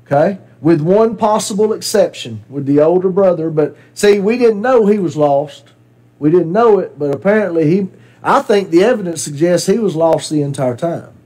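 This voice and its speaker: High-voiced man teaching a class. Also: animated, normal speed, mellow. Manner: conversational, asks class questions and repeats their answers. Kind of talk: interactive Bible class teaching. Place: church classroom.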